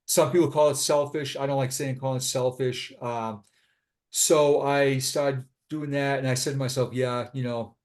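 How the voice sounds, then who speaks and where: A middle-aged man, a retired police sergeant, telling his own story as an interview guest in an earnest, halting way, often repeating himself. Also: medium pitch, a little mellow. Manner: earnest, halting, with frequent repetitions. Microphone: remote call.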